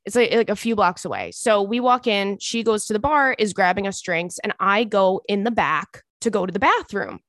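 Animated New woman telling a story. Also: mid-range voice, normal speed, hardly any pauses, no echo, studio quality. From Long Island, New York. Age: 30s. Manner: animated, acts out voices in anecdotes. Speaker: podcast host. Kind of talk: casual storytelling.

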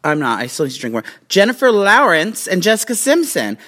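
A woman with a lowish, sing-song voice talks a little fast in a fairly bright tone. She's a vlog host at home, tipsy and hiccuping as she reads out celebrity facts in casual chat, rambling with plenty of fillers and restarts.

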